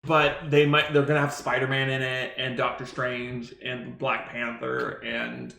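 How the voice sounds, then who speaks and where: Bright-voiced young Canadian man, rambling. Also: medium pitch, completely flat delivery, vocal fry. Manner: rambling, quick, full of restarts. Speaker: podcast co-host. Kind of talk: casual chat. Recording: echoey room.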